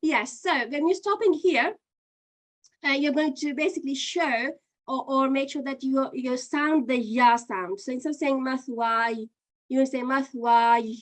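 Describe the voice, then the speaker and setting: Woman teacher, high voice, patient step by step explaining, online quran class. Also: moderate pace. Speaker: Qur'an teacher. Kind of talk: online lesson and quiz.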